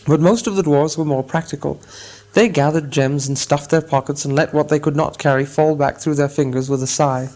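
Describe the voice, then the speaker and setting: Man reading a storybook, expressive. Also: fairly high pitch. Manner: measured, expressive narration. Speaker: audiobook narrator.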